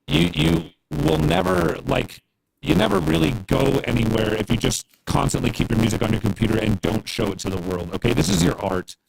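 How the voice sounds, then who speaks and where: A man's voice: mid-range voice, animated, brisk, vocal fry, breathy edge, low-quality recording. A man chatting casually on a livestream as a guest music producer, earnest and encouraging, rambling with fillers.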